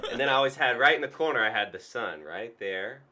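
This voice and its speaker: Lively young man doing stand-up. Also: mid-range voice, fast talker, a little hiss or hum. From Georgia, USA. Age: young adult. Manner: self-deprecating, lively storytelling with goofy put-on voices. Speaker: stand-up comic. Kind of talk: stand-up set on an online show.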